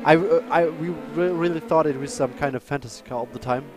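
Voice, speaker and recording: A man who speaks natively, chatting and commentating a live sim race, excitable and apologetic. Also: on the high side, quick pace, music in the background. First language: German.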